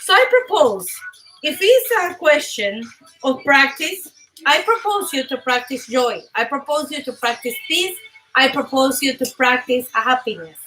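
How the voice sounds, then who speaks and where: Bright high-voiced animated woman host. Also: unhurried, distant mic, faint music behind, poor audio. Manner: animated, emphatic, laughs often. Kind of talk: live motivational talk show.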